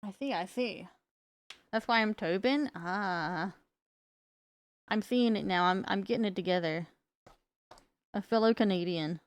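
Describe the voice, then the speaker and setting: A woman's voice: mid-range voice, a little slow, long pauses. A woman from the United States with a Southern accent, chatting playfully with her live stream audience while she paints. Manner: chatty, playful, self-mocking. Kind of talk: casual chat while painting. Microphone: streaming mic.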